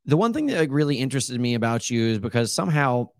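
A man's voice: mid-range voice, big pitch swings, fast talker, dry recording, clean studio sound. A man hosting a podcast, talking candidly and searching for words in a casual interview. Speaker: podcast host.

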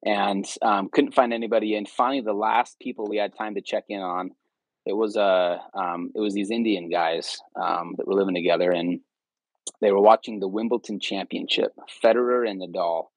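Podcast guest, man, low-pitched, chatty and rambling, dry close sound. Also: fairly even intonation, moderate pace, dry recording, poor audio. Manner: rambling, many ums and restarts. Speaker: podcast guest, returned missionary. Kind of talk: casual storytelling interview.

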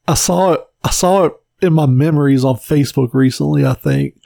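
A man co-hosting a podcast, telling stories in casual chat, animated and swearing freely. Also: on the high side, a little fast, gravelly, dry recording. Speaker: podcast co-host.

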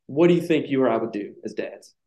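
A man's voice: mid-range voice, animated, fast talker, gravelly, mellow. A man telling a personal story in casual chat, reflective and emotional at times. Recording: echoey room.

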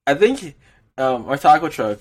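Speaking at a moderate pace, a young man with a slightly high, sing-song voice co-hosts a casual podcast. His rambling work story is full of fillers and punctuated by frequent laughs.

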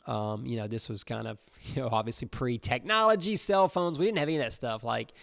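A man's voice: mid-range voice, brisk, gravelly, a bit bright, dry recording, clean studio sound. A man preaching in a casual, conversational way to young listeners, often checking in with his audience. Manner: conversational, repeats "right?" and "you know".

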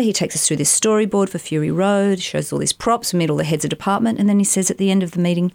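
A middle-aged woman, an actress and voiceover artist, telling animated stories in a casual interview, with rambling asides. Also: lowish voice, quick pace, creaky, few pauses, no room sound. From Australia. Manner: animated, chatty, rambling anecdotes with many asides.

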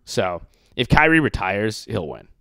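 A man's voice: on the low side, a little slow, vocal fry, no room sound. A man hosting a podcast, ranting casually with crude jokes and mocking impressions. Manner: animated, profane, mocking impressions. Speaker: podcast host.

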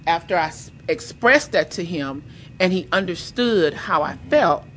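A woman on a podcast in casual chat, an animated storyteller who acts out the quotes in her stories. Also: lowish voice, unhurried, slight background noise.

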